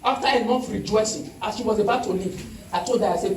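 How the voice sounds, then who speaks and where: A man's voice: high voice, quick pace, few pauses, echoey room, recorded from a distance, slight background noise, poor audio. A man preaching a testimony sermon, telling the story with emphasis and calling out hallelujahs.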